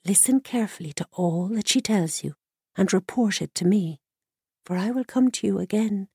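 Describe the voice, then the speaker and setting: A woman doing a calm, wise druid bird. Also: medium pitch, normal speed, gravelly, slightly rough, no room sound, clean studio sound. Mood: instructive. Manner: calm, instructive and steady.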